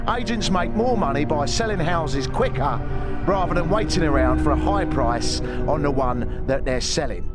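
A man doing a menacing Cockney gangster. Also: fairly high pitch. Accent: East End London. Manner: slow, threatening growl.

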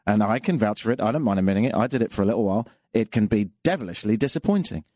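A man's voice: fairly low pitch, animated, very fast, mellow, husky, no room sound. A man hosting a radio talk show, chatty and self-mocking. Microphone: studio mic. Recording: dry studio sound.

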